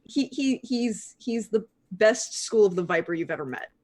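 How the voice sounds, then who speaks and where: A woman playing a tabletop game who talks thoughtfully and pauses to search for words. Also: medium pitch, animated, a little mellow. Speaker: player. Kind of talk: casual tabletop game chat.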